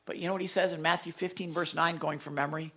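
A male pastor preaching a sermon to his congregation, asking them direct questions and dropping to a hush when he reads scripture. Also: a little high, steady tone, fast. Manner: emphatic, swings between loud appeals and hushed scripture readings. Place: church sanctuary.

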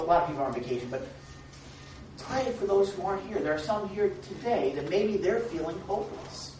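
A Bible study leader with a mid-range, slightly mellow voice addresses a group in a very echoey church room, captured from a distance on a dull recording with faint hiss. The teaching is relaxed and conversational, packed with rhetorical questions, and every so often the leader acts out small scenes in a raised voice.

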